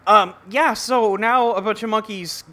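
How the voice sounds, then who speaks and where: A man's voice: high voice, a little slow, bright, forceful tone. A man co-hosting a podcast, recapping a cartoon episode in a rambling, laughing casual chat. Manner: rambling, laughing, trails off mid-sentence.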